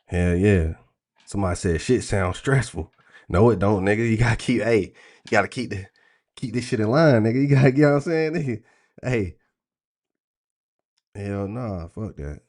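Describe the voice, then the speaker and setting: A man hosting a livestream, talking in a blunt, crude, animated rant full of profanity. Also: on the low side, moderate pace, long pauses. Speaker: trading stream host.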